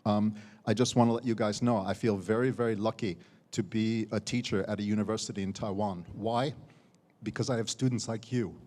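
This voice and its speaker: A man's voice: lowish voice, fairly even intonation, fairly quick, darkish tone. An American man, a university teacher, giving spoken feedback to student contestants. He keeps checking with "okay?" and repeats words as he goes. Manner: ends phrases with a checking "okay?", repeats words while speaking. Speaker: competition judge, university teacher. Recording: long hall reverb.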